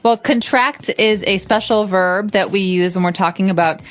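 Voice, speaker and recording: A woman's voice: mid-range voice, moderate pace. A woman co-hosting a lesson podcast, explaining words with example sentences. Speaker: podcast co-host. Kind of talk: English lesson chat.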